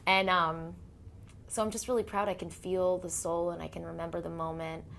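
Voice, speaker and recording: Animated woman telling stories. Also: lowish voice, normal speed, creaky, slight background noise. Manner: animated storyteller, acts out quotes, laughs often. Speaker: interviewee, singer-songwriter. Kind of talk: casual interview storytelling.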